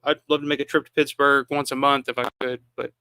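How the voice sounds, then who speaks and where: A man's voice: medium pitch, level tone, fast talker, bright, forceful tone, clear, resonant tone, no room sound. A man from the American South hosting a live watch-along, giving casual film commentary with lots of restarts and fillers. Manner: rambling, frequent restarts and fillers. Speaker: live stream host.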